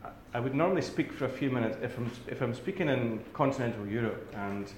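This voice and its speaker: A man's voice: medium pitch, expressive, fast, roomy sound, slight background noise, rough recording. A man with a Scottish accent giving a talk to a live audience in a rambling, self-deprecating way, full of restarts. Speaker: academic speaker.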